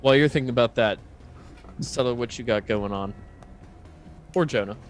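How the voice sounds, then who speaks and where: A man's voice: medium pitch, normal speed. A man running a tabletop game as game master, narrating in a loose, conversational way with many fillers.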